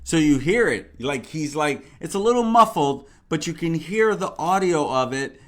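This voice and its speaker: A man's voice: a little high, animated, moderate pace, hardly any pauses, a bit bright. Male true crime host, casual and rambling, repeats himself with filler words. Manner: repetitive, rambling, full of "you know" and "like".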